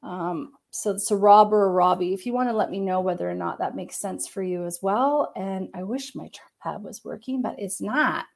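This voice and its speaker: Woman, medium, live-stream psychic reading, gentle and meandering, lots of fillers, mid pitch, computer mic. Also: moderate pace, creaky, few pauses.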